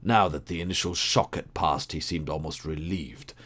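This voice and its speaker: A man narrating an audiobook story in a measured, even way. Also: a bass voice.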